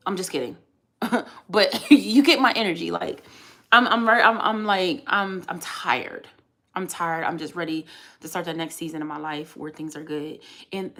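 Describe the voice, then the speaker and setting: A woman's voice: sits low, fairly bright tone. A woman in her thirties, a mother of three, venting in a candid, emphatic and rambling way on a casual vlog.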